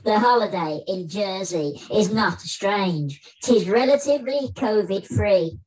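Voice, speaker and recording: A man doing a squeaky, blustering old actor. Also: a little slow, darkish tone, rough recording. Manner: blustering, indignant comic monologue. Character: squeaky-voiced famous bombastic older male actor. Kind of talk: comic spoken-word performance. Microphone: video call.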